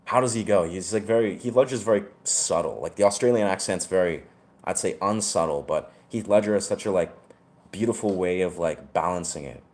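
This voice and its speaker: A man talking casually to camera about his hat and music, rambling and laid-back, often pausing to search for words. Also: deep voice, a little mellow.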